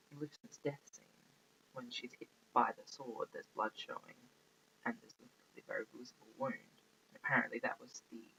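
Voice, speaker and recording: A man's voice: mid-range voice, gravelly, bright, forceful tone. A man giving a casual, rambling film review, often losing his train of thought and filling gaps with ums. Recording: faint background noise, poor audio.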